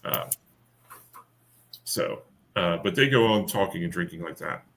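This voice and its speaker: A man's voice: low-pitched, expressive, a little slow, vocal fry, fairly bright tone. A man running a tabletop game as game master, narrating with many fillers and restarts.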